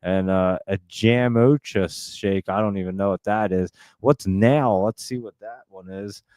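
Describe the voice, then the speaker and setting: A man hosting a live stock-market stream, talking very fast in a chatty, rambling way and laughing often. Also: on the low side, a little mellow, dry recording. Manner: talks extremely fast and nonstop. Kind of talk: casual live-stream chat.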